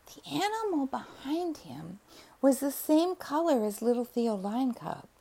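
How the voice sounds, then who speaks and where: Woman, bedtime storyteller: slow, soft, whispery, melodic, a touch of vocal fry. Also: high-pitched.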